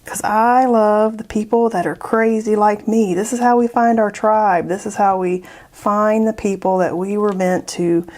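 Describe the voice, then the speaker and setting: A woman's voice: medium pitch, fairly even intonation, a little slow, hardly any pauses, a little mellow. A woman making an art vlog, chatting and joking as she paints, laughing often and easily. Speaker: art YouTuber.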